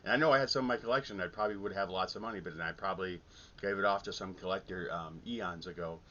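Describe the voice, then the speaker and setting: A middle-aged man from the American Midwest talks in a low voice, wandering through his thoughts with plenty of ums and false starts. It is a casual vlog recorded on a camera mic, with a dull, lo-fi sound and a faint rumble underneath. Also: fast talker, bright, forceful tone. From Milwaukee, Midwest US. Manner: rambling, many ums and restarts. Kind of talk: casual vinyl collecting vlog.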